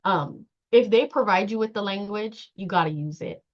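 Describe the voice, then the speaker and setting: A woman leading a workshop training session, talking in a lively way, acting out quoted dialogue and laughing often. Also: medium pitch, normal speed. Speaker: trauma-informed care trainer. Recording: dull lo-fi sound.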